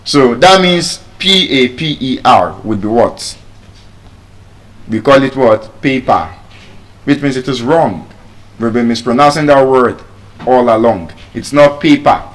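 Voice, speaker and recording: A middle-aged man with a Nigerian accent teaching English pronunciation, repeating each word slowly to demonstrate the sounds. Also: medium pitch. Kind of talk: spoken English lesson.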